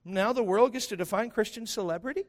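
A man's voice: high-pitched, fast talker, long reverb tail. A man preaching a sermon as pastor, emphatic and impassioned, firing rhetorical questions at the congregation. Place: church sanctuary.

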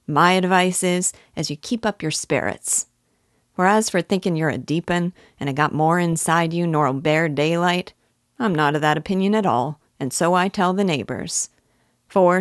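A woman's voice: on the low side, dry recording, studio quality, natural voice. A woman voicing a garrulous old male parish clerk who rambles in folksy rural dialect.

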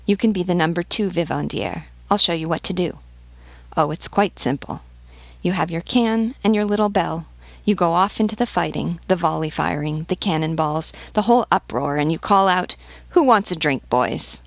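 A woman's voice: on the low side, moderate pace, vocal fry, dry recording. A woman voicing a talkative, outspoken woman who serves drinks to soldiers. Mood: chatty. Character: chatty, bold woman canteen-keeper with soldiers.

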